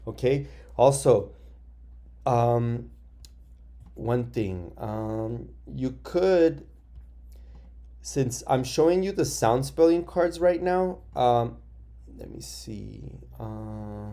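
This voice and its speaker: A man teaching young students in a recorded lesson, explaining patiently and slowly with many fillers. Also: mid-range voice, warm tone. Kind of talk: recorded remote class lesson.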